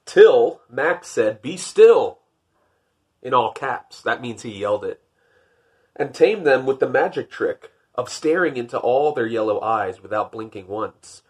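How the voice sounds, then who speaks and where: A man reading a picture book aloud, lifting his voice for the narration and dropping to wry, deadpan jokes in between. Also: measured pace, breathy edge. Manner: wry, deadpan joking asides; rises for narration, drops low for asides. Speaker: podcast host.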